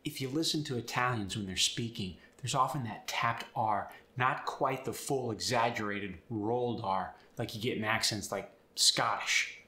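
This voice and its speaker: A man teaching accents and explaining sounds step by step in an upbeat, clear way. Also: medium pitch, normal speed, few pauses, pushed and bright, echoey room. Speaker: accent coach. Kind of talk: instructional video.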